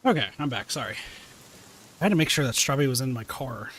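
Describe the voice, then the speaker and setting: Male game streamer, mid-pitched, loose and animated, laughs and curses casually while chatting. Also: fast talker. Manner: animated, swears casually, laughs mid-sentence, many "like" fillers. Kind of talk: casual live-stream chat with viewers.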